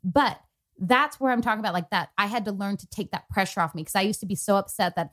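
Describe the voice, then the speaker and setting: A woman's voice: mid-range voice, fast talker, fairly bright tone. A young adult woman co-hosting a podcast, telling a personal story in casual chat, quoting others with lots of fillers. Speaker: podcast co-host.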